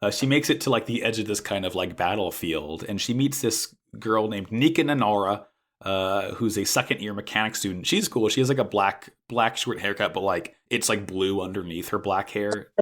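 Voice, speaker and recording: A man casually recapping an anime episode as podcast co-host, animated and swearing freely. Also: lowish voice. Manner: animated, swears freely, acts out characters' lines in quick bursts.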